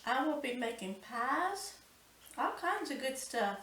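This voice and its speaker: A woman's voice: sits high, big pitch swings, slow pace, a bit bright, roomy sound, far from the mic, a little hiss or hum, poor audio. A woman hosting a cooking channel, talking through a recipe step by step and exclaiming with delight.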